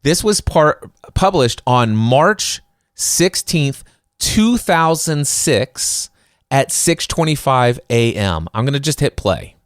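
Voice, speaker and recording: A man's voice: mid-range voice, very animated, slow, dry recording. A man hosting a solo podcast, talking in a bold, confident, conversational way. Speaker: podcast host.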